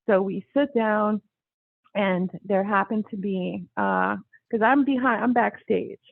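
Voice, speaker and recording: A woman guest telling a story in casual conversation, with an animated way of talking. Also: medium pitch, slow pace, gravelly, no echo. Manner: animated, acts out quoted voices. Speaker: interview guest. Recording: tinny phone-line sound, dry.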